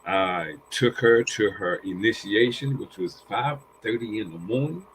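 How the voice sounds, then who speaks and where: A man's voice: on the low side, unhurried, heavy background noise. An older man casually telling family stories, acting out what people said and repeating phrases as he goes. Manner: acts out quoted dialogue with a raised voice. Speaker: panel guest. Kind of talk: casual storytelling.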